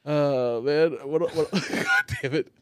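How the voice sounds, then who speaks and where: A man's voice: a little high, fairly even intonation, slow pace, darkish tone, clear, resonant tone. A man from Oklahoma hosting a casual comedy podcast, talking in an easygoing, rambling way and laughing often. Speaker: podcast host.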